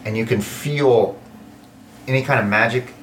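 A man narrating as game master in a tabletop game, pausing and restarting as he searches for words. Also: mid-range voice, slight background noise, rough recording.

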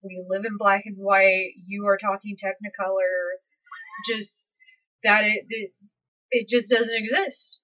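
A woman's voice: mid-range voice, steady tone, unhurried, bright, forceful tone, muffled recording. A woman co-hosting a podcast in casual chat, giggly and self-deprecating.

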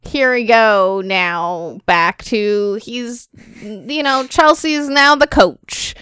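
High bright woman giggling her way through podcast chat, smooth clear voice, dry. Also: slow, dry recording. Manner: giggly, animated storyteller. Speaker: podcast co-host.

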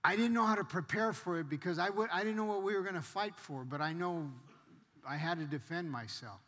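Brief: male preacher, bright forceful voice, animated sermon story, long hall reverb. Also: high-pitched, fairly quick. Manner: animated storytelling, laughing, acting out other voices. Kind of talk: sermon testimony. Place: church.

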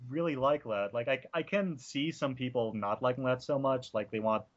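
A man talking casually about a movie with animated, voice-mimicking explanations, heard over a dull call recording. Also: medium pitch, moderate pace.

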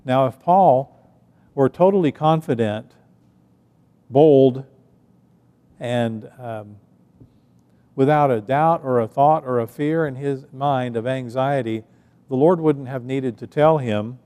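A man preaching a sermon in a relaxed, conversational way, often restarting his phrases. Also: medium pitch, long reverb tail. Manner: conversational, halting with frequent restarts. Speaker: pastor. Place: church.

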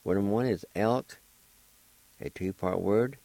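A man's voice: fairly low pitch, a little slow, creaky, mellow, no room sound, poor audio. A man teaching a language lesson, spelling and pronouncing words syllable by syllable in a patient, encouraging way. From Oklahoma. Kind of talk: slow spelling and pronunciation lesson.

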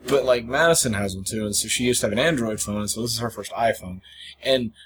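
A man's voice: medium pitch, fast. A man co-hosting a podcast, rambling through a story in casual chat, often laughing and acting out bits. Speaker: podcast co-host. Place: hotel lobby. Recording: noisy lobby ambience.

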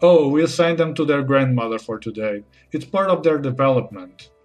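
A man acting in a comedy sketch, talking about family life in chirpy corporate jargon and telling a joke with lively put-on voices. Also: mid-range voice, normal speed, soft background music. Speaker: sketch actor playing a corporate-speak husband.

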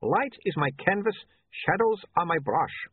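A man's voice: sits high, very animated, normal speed, husky, no room sound, pitched above the performer's own voice, heavily acted. A man voicing an anxious, earnest male vampire photographer with a put-on foreign accent and stiff phrasing. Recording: tinny phone-like, dry.

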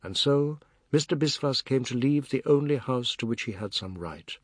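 An audiobook narrator, a man with a mid-range voice, reads a novel aloud in measured, even storytelling. This scripted literary narration has clean studio sound with no room sound.

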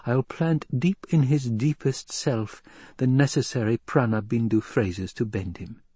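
A man voicing a cunning, scheming noblewoman in an audiobook, speaking soft, hushed and measured. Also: mid-range voice, breathy edge, dry recording. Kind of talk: audiobook character voice.

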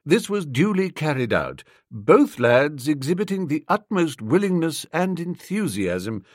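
A man reading a story aloud as audiobook narrator with an expressive, varied delivery. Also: mid-range voice, no room sound, studio quality. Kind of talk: scripted narration.

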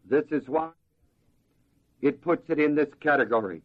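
A man preaching a slow, deliberate verse-by-verse sermon as pastor, pausing to ask the congregation to fill in words. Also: a little high, dull audio.

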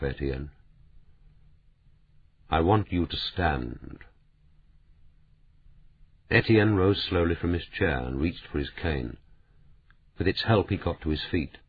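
A man narrating an audiobook in a steady, measured reading. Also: sits low, slightly rough. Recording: tinny phone-like sound.

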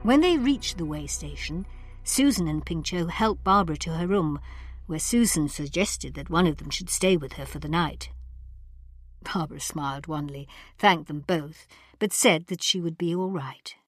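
A woman narrating an audiobook in a measured, even manner. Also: deep voice, faint music behind. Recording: long reverb.

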